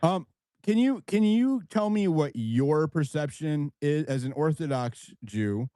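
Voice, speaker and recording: Dark-voiced man hosting a group chat. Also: on the high side, lively intonation, unhurried, no room sound. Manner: probing, asks follow-up questions, insists on distinctions. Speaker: host of a live audio discussion. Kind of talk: moderating casual group discussion. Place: live audio chat room.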